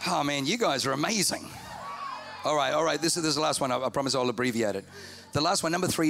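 Male pastor, sermon, high and lively delivery with a bright edge. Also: fast talker, creaky, soft background music. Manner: animated, joking, emphatic.

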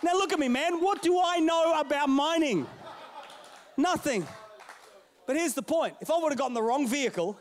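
A man over thirty-five preaching a sermon, telling stories and swinging between loud bursts and hushed lines. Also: very high voice, lively intonation, moderate pace, long pauses, a little hiss or hum.

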